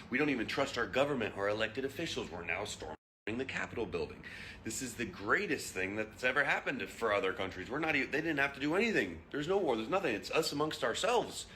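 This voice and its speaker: A man's voice: medium pitch, expressive, fast talker, bright, forceful tone, a little hiss or hum. A young man ranting heatedly to camera, blunt and profane, firing off rhetorical questions. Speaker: vlogger.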